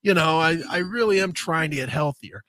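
A man with a bright, forceful voice rambles through a story in casual chat, cursing constantly and winding himself up as he goes. His voice sits a little high for a man. The mic sound is close and dry. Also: fairly quick, no room sound. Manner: profane, animated storyteller. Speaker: co-host.

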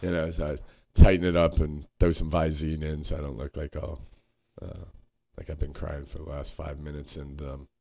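A man co-hosting a podcast, talking earnestly and haltingly, searching for words and swearing now and then. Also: very deep voice, little pitch movement, vocal fry, mellow. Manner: frequent swearing. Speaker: podcast co-host. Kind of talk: candid reflective conversation.

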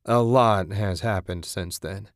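A man's voice: fairly low pitch, slow pace, dry recording, clean studio sound. A man voicing a polite, apologetic husband who is nervous around strangers.

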